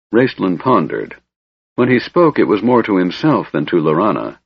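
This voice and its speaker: A man narrating a fantasy audiobook in a measured, even storytelling manner, on a dull lo-fi recording. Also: deep voice, breathy edge, no room sound.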